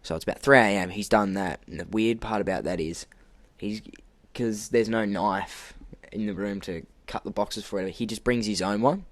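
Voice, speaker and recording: A young man telling an animated work story on a podcast, acting out quotes and laughing often. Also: on the low side, normal speed, few pauses, no room sound. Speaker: podcast co-host. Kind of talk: casual storytelling.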